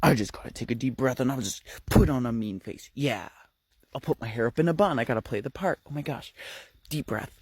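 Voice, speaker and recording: A man's voice: mid-range voice, a little fast, no echo, clean studio sound. A man voicing a cocky, panicky young woman on the run, talking frantically and slipping into whispers. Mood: scared. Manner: frantic, breathy, slips into whispers.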